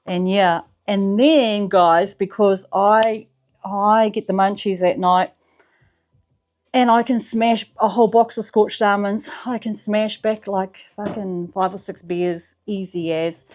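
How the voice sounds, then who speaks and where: A woman's voice: fairly even intonation, takes it slowly. Chatty New Zealand woman, swearing freely. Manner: drops to a soft, low voice in the spiritual parts. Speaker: vlogger. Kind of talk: casual personal testimonial.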